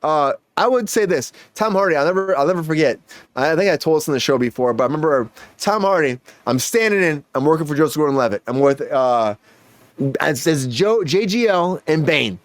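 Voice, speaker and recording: A man hosting a casual podcast chat, an animated storyteller who swears freely. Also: fairly high pitch, fairly quick, no echo. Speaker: podcast host.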